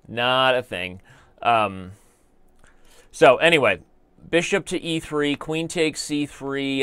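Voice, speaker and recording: A man's voice: mid-range voice, fairly bright tone, clear, resonant tone, no room sound. An American man commentating his live online chess games, joking and rambling as he talks to viewers in the chat. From United States.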